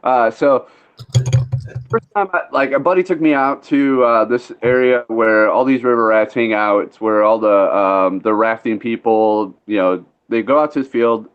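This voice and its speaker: A man's voice: medium pitch, normal speed, clear, resonant tone. Casual male podcast host, loose storyteller, dull recording. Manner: rambling, laid-back storyteller, swears freely.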